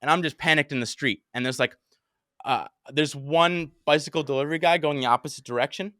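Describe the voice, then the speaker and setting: A young man races through a story in a bright, forceful voice, cursing freely. He acts out his own shouts and panicked thoughts as he goes. The sound is close and dry. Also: a little high, fairly quick, no echo. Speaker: podcast host. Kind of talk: casual storytelling chat.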